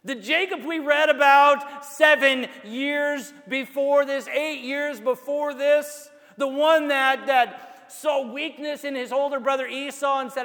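Casting: pastor, man with a very high voice, slow and deliberate, long church-hall reverb. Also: a bit bright. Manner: preaching with rising emphatic outbursts. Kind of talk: sermon.

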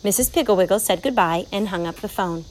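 A woman narrating a children's storybook aloud in a clear, measured way. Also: mid-range voice, low-quality recording.

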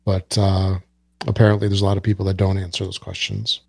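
A man's voice: sits low, completely flat delivery, a little fast, gravelly, a little mellow, slightly rough, no echo. A man co-hosting a casual podcast, giving listener info and joking with dry sarcasm. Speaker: podcast co-host. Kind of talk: casual chat.

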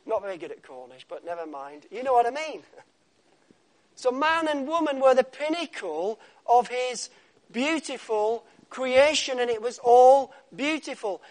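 A male preacher with a fairly high voice who delivers his sermon slowly. He pauses for effect and often drops to a soft hush on key words. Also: expressive.

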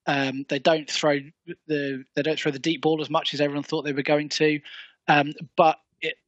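A man co-hosting a casual sports podcast, briskly listing a team's strengths and flaws. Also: a little high, flat delivery, dry recording. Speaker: podcast co-host. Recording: dull lo-fi sound.

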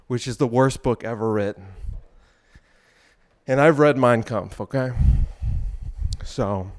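Male podcast host, smooth resonant voice, slightly out of breath, rambling provocative monologue. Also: medium pitch. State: out of breath while exercising.

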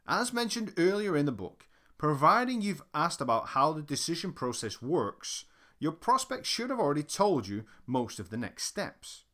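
Lively, emphatic male audiobook narrator. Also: fairly high pitch, moderate pace. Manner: emphatic, coaching, direct. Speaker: author reading his own sales book.

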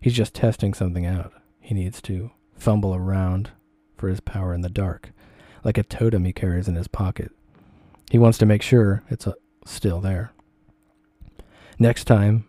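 A man reading a second-person essay aloud in a measured, deliberate way. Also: low-pitched, fairly even intonation, mellow, no room sound.

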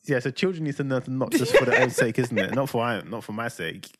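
A man, chatting on a podcast with a lively voice that rises and falls a lot. He tells stories with energy, acts out sounds and voices, and laughs often. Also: medium pitch, a little fast. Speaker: podcast co-host. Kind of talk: casual chat.

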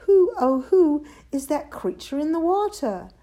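A woman voicing a gentle, timid young male tyrannosaur who speaks politely and plaintively. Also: on the high side, sing-song, measured pace, pitched above the performer's own voice. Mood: hooting.

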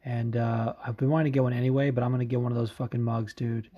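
A man's voice: medium pitch, fast talker, muffled recording. Profane, tired podcast guy. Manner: profane, excitable, says dude a lot. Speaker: podcast host. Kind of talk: casual podcast chat.

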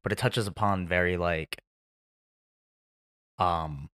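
A man hosts a casual podcast chat. His voice is low yet bright and forceful. He talks haltingly, searching for words with many ums. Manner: hesitant, full of ums. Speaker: podcast host.

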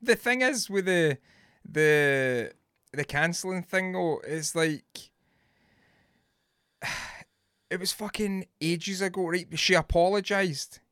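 Scottish man, higher pitch, dry close sound, rambling emphatic swearer. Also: a bit bright, no echo. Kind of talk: casual chat.

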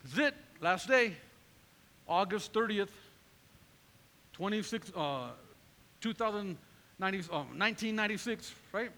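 A middle-aged pastor from Northern California tells his testimony from the pulpit, acting out old conversations in an animated way. His voice sits high and swings widely, with a gravelly rasp. A long church-hall reverb trails each phrase. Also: unhurried, long pauses. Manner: animated storytelling, acting out his own past dialogue. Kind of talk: sermon testimony.

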